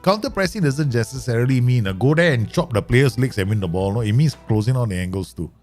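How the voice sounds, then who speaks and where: A man's voice: medium pitch, lively intonation, fast, darkish tone, faint music behind. A man giving casual live commentary as he plays a football management game, rambling, swearing and laughing often. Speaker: game streamer.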